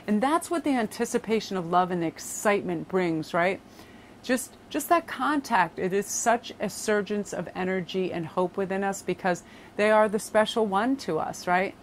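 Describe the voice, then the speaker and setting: A woman's voice: mid-range voice, moderate pace, a little hiss or hum. A woman doing a casual tarot reading for her viewers, gushing over the cards and calling them "you guys". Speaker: tarot reader.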